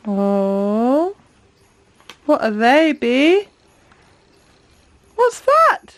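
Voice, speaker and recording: A young mum films a casual home vlog, chatting to the camera and coaxing her toddler. Her voice is high and sing-song, and she draws her words out.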